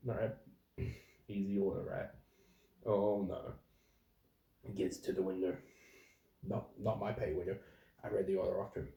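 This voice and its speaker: Gravelly low-voiced man ranting. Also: little pitch movement, normal speed, long pauses, warm tone. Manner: blunt, swearing, acts out customers in quotes. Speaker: fast food worker. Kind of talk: casual storytelling rant.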